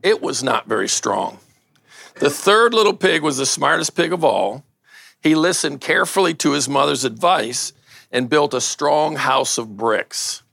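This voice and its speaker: Older male pastor, gravelly voice, playful storyteller who jokes with the crowd. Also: a little high, unhurried, no room sound, clean studio sound. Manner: lively storyteller, banters and laughs with the audience. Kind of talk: casual sermon with a read-aloud story.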